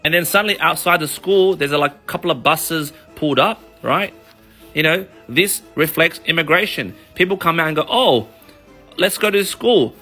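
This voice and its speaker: A man with an Australian accent, a mortgage broker telling an animated, swear-laced explainer story with sound effects. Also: a little high, normal speed, faint music behind. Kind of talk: casual explainer monologue.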